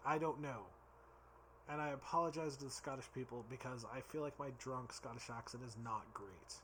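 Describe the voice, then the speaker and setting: A man's voice: on the high side, a little fast, a bit bright, slight background noise. A tipsy man rambling and giggling as he reviews drinks in a casual vlog, stumbling over his words.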